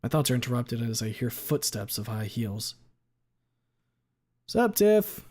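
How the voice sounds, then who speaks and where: A man streaming a visual novel, reading the narration aloud as a low, muttered inner monologue with some swearing. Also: fairly even intonation, brisk, a little mellow.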